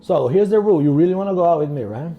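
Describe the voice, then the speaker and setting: A man putting on the voice of a sassy, quick-witted young female bartender, bubbly and mock-sweet. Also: a little high, expressive, phone-quality sound, pitched above the performer's own voice.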